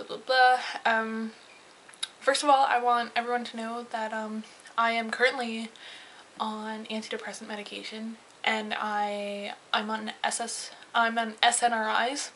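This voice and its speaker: A woman's voice: fairly high pitch, a bit bright, a little hiss or hum, poor audio. A young woman talking in a casual confessional vlog, rambling and heated, with lots of fillers and swearing. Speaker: vlogger.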